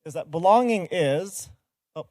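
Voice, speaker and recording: A man's voice: high voice, animated, measured pace, a little mellow, no echo. A middle-aged man giving an earnest, explanatory talk from a conference stage and engaging the audience directly. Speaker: conference speaker.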